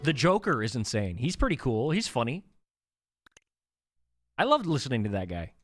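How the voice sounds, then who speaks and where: A man's voice: medium pitch, huge pitch swings, normal speed, fairly bright tone, no echo, soft background music. A young man streaming a game, casually chatting and joking with his chat as he plays.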